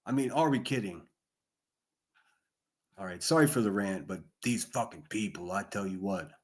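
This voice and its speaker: A man hosting a livestream, ranting angrily and profanely into a desk microphone, breaking into yelled bursts and sarcastic asides. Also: lowish voice, animated, normal speed. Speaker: livestream host. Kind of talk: angry livestream rant.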